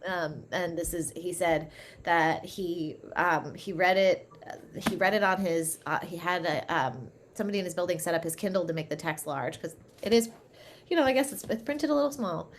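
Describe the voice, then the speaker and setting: A woman's voice: lowish voice, a little hiss or hum. A woman in her thirties, an author in an interview, talking animatedly with many fillers and restarts and laughing often. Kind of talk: interview conversation.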